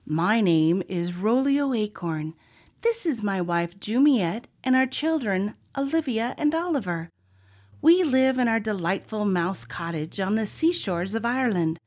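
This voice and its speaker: A woman's voice: medium pitch, darkish tone. A woman reading a friendly father mouse. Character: friendly father mouse introducing his family.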